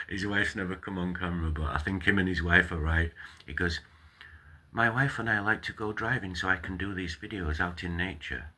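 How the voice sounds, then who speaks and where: A man's voice: low voice, moderate pace, sharp tone, husky. A man, vlogging a casual reaction and ranting with plenty of swearing.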